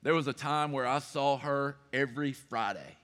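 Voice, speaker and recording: A man's voice: mid-range voice, moderate pace, a bit bright, smooth. A middle-aged man, a pastor preaching a sermon in an earnest, personal way with emphatic repetition. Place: church sanctuary. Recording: long hall reverb.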